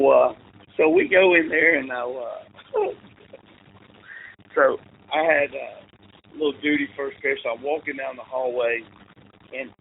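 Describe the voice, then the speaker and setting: A man's voice: a little high, gravelly. A man, a football coach, telling a long rambling story in a casual interview and acting out what people said. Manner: rambling, animated storyteller who acts out quotes. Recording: tinny phone-like line with faint noise.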